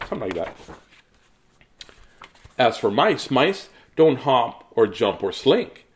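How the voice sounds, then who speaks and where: A man's voice: medium pitch, a little slow, fairly bright tone. A man reading children's picture books aloud in a playful, jokey way, with asides to viewers. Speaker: children's book reader.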